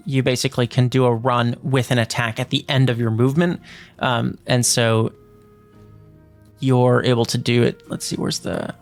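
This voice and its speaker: A man narrating as game master in a tabletop game, relaxed and hesitant, with many fillers as he works out the rules. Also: mid-range voice. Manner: relaxed, hesitant, lots of fillers while ruling.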